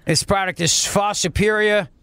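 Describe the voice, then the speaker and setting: A man doing a mocking impression of a pompous, boastful male governor in a slow, self-satisfied drawl. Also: high-pitched, fairly even intonation, fairly bright tone, clean tone, no echo. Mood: mock-apologetic.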